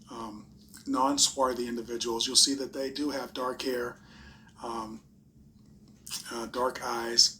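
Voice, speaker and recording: Brief: male host of a history explainer, monotone read, faint background noise. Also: medium pitch. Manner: plain explanatory delivery with fillers. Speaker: video host. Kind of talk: narrated history video reading old newspapers.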